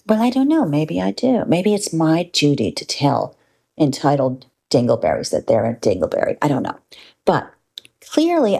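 Low, gravelly older woman telling stories. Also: a little mellow. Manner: wry, candid, conversational, with mild profanity. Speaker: storyteller. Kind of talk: personal storytelling monologue.

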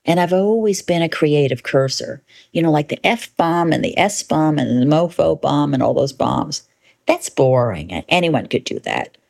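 In an animated monologue, a woman recounts a personal story, brash and emphatic, swearing in playful, inventive ways. Her voice is low-pitched and gravelly, and she takes her time.

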